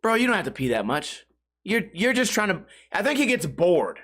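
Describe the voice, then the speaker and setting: A man with a high, bright voice, rambling through a comedy podcast monologue. He acts out his own reactions and swears freely, with plenty of "dude" and "bro." His delivery is loose and conversational. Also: big pitch swings, moderate pace. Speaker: podcast host.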